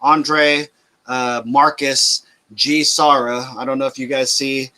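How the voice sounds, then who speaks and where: A podcast host in his thirties with a bright, forward tone. He rambles loosely through shout-outs, swearing freely in a relaxed, chatty way. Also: mid-range voice, slow. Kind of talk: casual chat.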